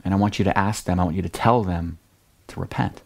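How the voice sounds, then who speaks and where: A preacher doing a low, quiet voice of God. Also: male voice, fairly even intonation, quick pace, gravelly. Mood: solemn. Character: God, calm, firm and commanding.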